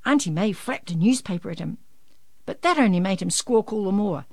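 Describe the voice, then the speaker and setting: A woman reading a children's picture book aloud in an expressive, lively storytelling manner. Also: medium pitch, a little fast, no room sound.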